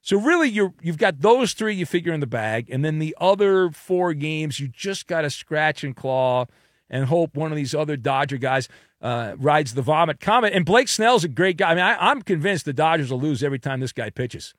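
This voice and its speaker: A man's voice: fairly high pitch, lively intonation, moderate pace, dry recording, clean studio sound. A man hosting a sports talk show, delivering a punchy, jokey commentary monologue full of colorful metaphors.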